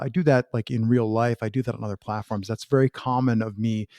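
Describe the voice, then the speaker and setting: Male podcast host, casual and animated, mid-pitched, dry close mic. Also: brisk, few pauses, no room sound. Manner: chatty, animated, acts out quoted remarks. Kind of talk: casual conversational interview.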